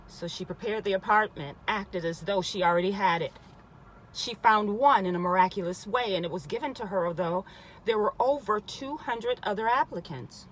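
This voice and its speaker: A woman's voice: medium pitch, normal speed, low-quality recording. A woman reading a spiritual self-help book aloud, often stopping to repeat passages and add emphatic comments of her own. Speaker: reader.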